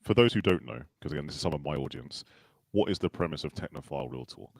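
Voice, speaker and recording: A man hosting a casual live stream, joking and chatting fast with a guest. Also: rumbling low, animated, slightly rough, no room sound. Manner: joking, quick, laughs often. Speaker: show host.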